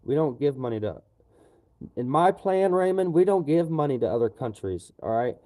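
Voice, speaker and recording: A man's voice: fairly high pitch, lively intonation, moderate pace, dark tone, poor audio. A man on a livestream, ranting angrily about politics, swearing often and ending lines with "you know". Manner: profane, repetitive, keeps tagging lines with "you know". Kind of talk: angry political rant on a livestream.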